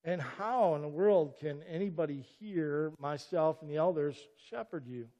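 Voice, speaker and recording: A middle-aged man delivers an earnest sermon with a slightly higher pitch than most men. He presses his points emphatically and keeps calling his listeners back with "listen." His voice carries with a long reverb through a church sanctuary. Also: normal speed, mellow, muffled recording. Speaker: pastor.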